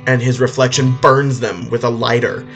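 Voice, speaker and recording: Rambling deadpan male storyteller. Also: medium pitch, moderate pace, gravelly. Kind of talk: comic retelling over music. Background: faint guitar music.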